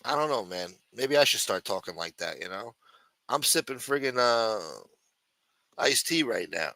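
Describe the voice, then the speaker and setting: A man's voice: on the low side, big pitch swings, measured pace, creaky, sharp tone, dry recording. A man hosting a livestream, rambling in a sarcastic, profane, casual way. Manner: rambling, sarcastic, heavy swearing. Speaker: livestream host.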